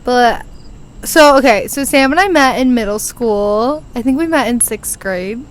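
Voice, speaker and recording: A woman's voice: a little high, expressive, unhurried. A woman in her twenties hosting a podcast, chatting and telling stories with lots of giggles, recorded outdoors on a porch. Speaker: podcast host. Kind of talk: casual chat.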